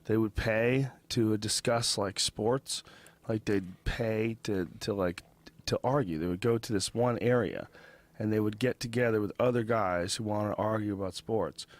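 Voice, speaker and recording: A man's voice: lowish voice, normal speed. Casual, curious podcast host man. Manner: curious, casual, lots of "like" fillers.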